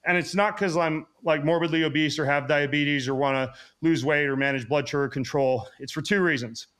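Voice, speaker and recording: A man talking as a guest on a podcast, explaining health routines quickly in a casual style full of "like" and "um". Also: on the high side, steady tone, a bit bright. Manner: quick, explanatory, lots of fillers like "like" and "um". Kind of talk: casual interview chat.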